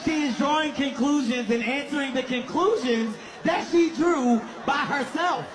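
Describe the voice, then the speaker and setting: High-voiced man lecturing a comedy crowd. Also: unhurried. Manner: preachy, lecturing the audience directly. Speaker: stand-up comedian. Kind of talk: stand-up routine. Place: comedy club stage. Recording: live room with crowd noise. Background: audience laughing.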